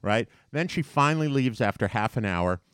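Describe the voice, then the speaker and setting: A man telling a story in a casual chat, animated and profane, getting heated as he goes. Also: mid-range voice, normal speed, smooth, dry recording, clean studio sound. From New York.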